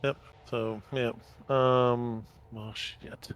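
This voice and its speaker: A man's voice: medium pitch, level tone, extremely slow, smooth. A man playing a tabletop game, laid-back and joking about his character's moves. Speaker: player. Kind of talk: casual tabletop play.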